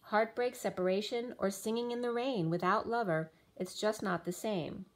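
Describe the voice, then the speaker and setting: Speaking at normal speed with medium pitch, this woman reads tarot in a spiritual vein, her thoughts flowing in loose, dreamy associations with rhyming asides. She's gradually losing her voice.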